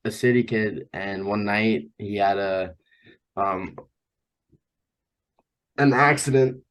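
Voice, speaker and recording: Low-voiced young Long Island guy. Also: takes it slowly. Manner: relaxed, chatty, uses lots of "like". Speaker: guest, college wrestler. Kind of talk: casual chat.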